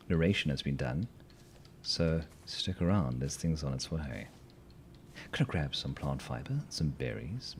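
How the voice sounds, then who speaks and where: A hoarse man chatting casually while streaming a game, playful and rambling, with silly sing-song asides. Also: rumbling low, darkish tone, a little hiss or hum.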